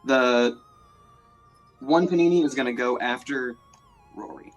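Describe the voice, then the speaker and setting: A man's voice: mid-range voice, measured pace, faint music behind, poor audio. A man narrating as game master, playful and rambling, with lots of "like".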